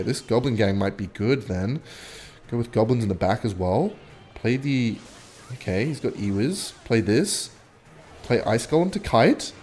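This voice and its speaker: A young man telling a rambling, swear-filled story while commentating his own gameplay, with sudden excited outbursts. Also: on the low side, a little hiss or hum. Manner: animated, swearing, bursts of excitement while playing. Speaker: gaming vlogger.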